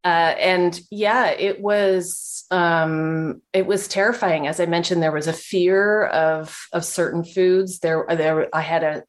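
A woman interview guest with a fairly low voice. She speaks candidly and reflectively about her experiences. Her phrasing is halting, with frequent pauses. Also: steady tone. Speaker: guest, movement instructor. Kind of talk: conversational interview.

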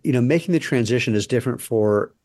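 A man's voice: mid-range voice, fast, a little mellow, no echo, studio quality. A man hosting a podcast interview, chatty and jokey with rambling asides. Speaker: podcast host. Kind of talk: casual interview chat.

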